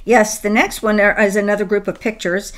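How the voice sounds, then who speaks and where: A woman's voice: medium pitch, steady tone, a little fast, a bit bright. A woman co-hosts a political commentary chat in a casual, conversational way. She often agrees with her partner and reads text aloud in a mid-range voice. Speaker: co-host.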